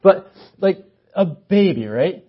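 A man's voice: a little high, lively intonation, measured pace, breathy edge. Chatty man preaching a casual sermon. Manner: chatty, says "like" often, swings between hushed awe and loud emphasis. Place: church chapel. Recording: muffled lo-fi sermon audio.

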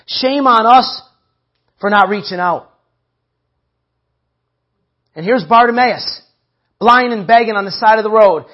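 High, husky male preacher, emphatic repeats; lo-fi church recording. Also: measured pace, pauses often. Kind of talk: sermon.

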